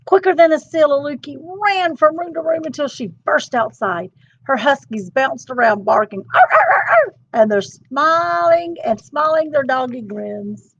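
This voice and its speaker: Slow, animated storytime woman. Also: high voice, creaky. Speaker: storytime host. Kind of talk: children's story reading. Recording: dull lo-fi sound.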